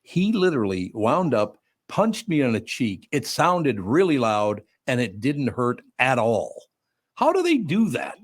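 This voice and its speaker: An older Minnesota man hosts a radio talk show, chatting casually in an interview style and spinning rambling stories full of restarts. His medium-pitched voice swoops wildly and moves a little slowly, captured in clean, echo-free studio sound.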